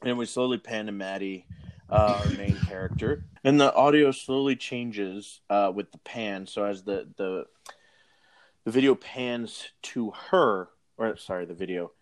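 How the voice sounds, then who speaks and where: A man with a lowish voice hosts a casual movie review chat. He rambles, stacking fillers and restarting his sentences as he goes. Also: measured pace. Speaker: podcast host.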